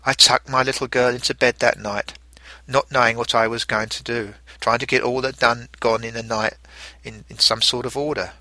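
A middle-aged man narrating a first-person story in a reflective, gentle way. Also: mid-range voice, flat delivery, normal speed, dry recording.

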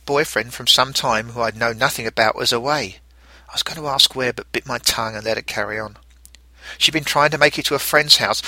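A middle-aged man tells a first-person story in a gentle, reflective way. His voice is very bright and forward. The recording is close and dry, with no room sound. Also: mid-range voice, no room sound. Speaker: narrator. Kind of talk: storytelling narration.

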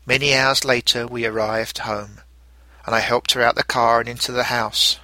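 A middle-aged man narrating a first-person story in a reflective, gentle way. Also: medium pitch, little pitch movement, normal speed, no echo.

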